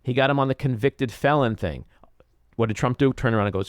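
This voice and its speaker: A man's voice: quick pace, no echo, clean studio sound. A man hosting a podcast, delivering an emphatic political commentary monologue and acting out quotes. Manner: emphatic, acts out quotes with rising pitch. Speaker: podcast host.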